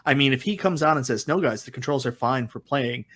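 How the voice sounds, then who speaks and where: A man talking on a podcast, explaining his view in a calm, measured way. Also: medium pitch. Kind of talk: casual podcast chat.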